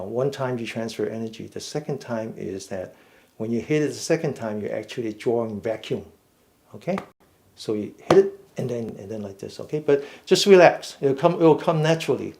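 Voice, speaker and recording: Guy teaching a chair exercise class, slow and patient, talks you through each step. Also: mid-range voice, gravelly, darkish tone. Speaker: fitness and meditation instructor. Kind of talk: guided seated exercise class.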